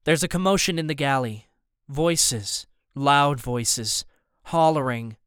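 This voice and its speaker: A man narrating a first-person thriller audiobook in a steady, tense way. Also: medium pitch, slow pace, clean tone, no room sound, clean studio sound.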